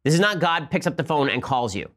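A man hosting a political commentary podcast. He fires off sarcastic, combative points at a very quick pace. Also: a little high, animated, a bit bright. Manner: combative, sarcastic, rapid-fire. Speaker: podcast host.

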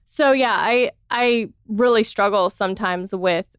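A woman's voice: mid-range voice, measured pace, smooth, no echo, clean studio sound. A woman in her thirties chatting as a podcast guest, laughing often and acting out the voices she quotes. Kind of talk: casual interview chat.

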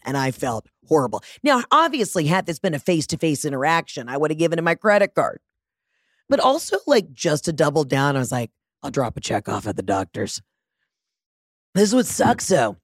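Animated, foul-mouthed woman telling a story. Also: deep voice, no room sound, studio quality. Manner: animated, profane, acts out quotes. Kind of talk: casual comedic storytelling.

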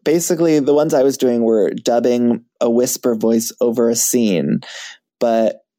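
A man chatting as a podcast guest, animated and self-mocking, laughing at himself often. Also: mid-range voice. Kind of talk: casual chat.

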